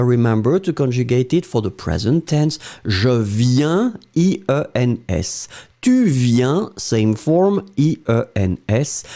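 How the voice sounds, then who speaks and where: Lively French teacher, mellow voice. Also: male voice, medium pitch. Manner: animated, reading viewer comments and spelling verb endings. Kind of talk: live-streamed language lesson.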